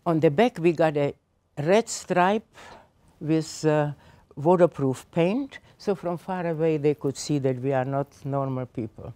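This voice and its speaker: Teachers at a seminar hear a woman in her eighties, a Holocaust survivor, tell her own story emotionally and emphatically. Her warm voice sits low and she never hurries.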